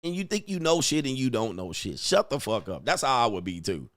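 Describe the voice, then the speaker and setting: Livestream host, mocking profane rant, lively pitch, dry mic. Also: male voice, a little fast, dry recording. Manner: animated, mocking, swears constantly; reads chat messages aloud. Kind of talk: profane ranting commentary.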